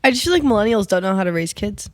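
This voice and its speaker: A woman's voice: mid-range voice, expressive, very fast, dry recording, studio quality. A young woman co-hosting a podcast in casual chat, rambling with lots of fillers and teasing her sister. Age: young adult. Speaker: podcast co-host.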